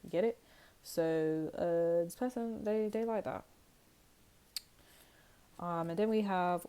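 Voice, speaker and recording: A woman's voice: on the low side, slow pace, pauses often, dark tone, clean tone. A young woman from the United Kingdom giving a casual tarot reading, chatty and rambling, acting out little scenes as she explains. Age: young adult. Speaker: tarot reader.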